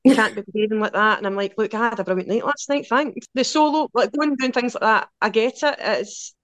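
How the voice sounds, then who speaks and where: A Glaswegian woman in her forties, a podcast guest telling casual, lively stories in quick run-on anecdotes. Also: on the high side, no room sound. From Scotland. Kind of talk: casual storytelling.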